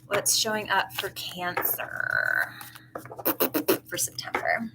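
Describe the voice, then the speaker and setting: A woman's voice: mid-range voice, steady tone, slow, background noise. A woman giving a casual live tarot reading, chatty and effusive with many asides. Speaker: tarot reader.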